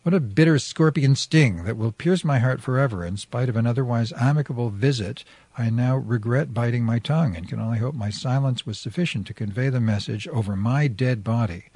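A man's voice: medium pitch, a little fast, darkish tone, slightly rough, dry recording. A man, a radio host, reading a first-person story chapter aloud in a dry, wry narrating voice.

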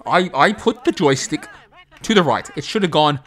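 A man giving foul-mouthed, sarcastic let's-play commentary, breaking into shouts and laughter. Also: a little high, animated, moderate pace. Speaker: gaming YouTuber.

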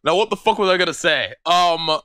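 Give me a young man on a live game stream, high and sharp-toned, exasperated, swearing, laughing a lot. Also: animated, a little fast, smooth, no echo, faint music behind. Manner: loud, exasperated, swearing, yelling at chat; frequent laughter.

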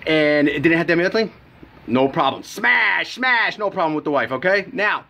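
A man's voice: on the high side, expressive, moderate pace, vocal fry, bright, forceful tone. A young man giving a brash, profane supplement review in a casual vlog, telling his story with lots of animation.

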